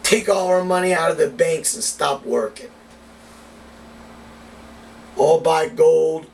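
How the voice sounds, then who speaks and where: A man's voice: a little high, slow, gravelly. A man ranting heatedly and with a lot of swearing in a casual vlog monologue as a cigar reviewer. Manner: profane, heated political rant. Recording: distant mic with faint background noise.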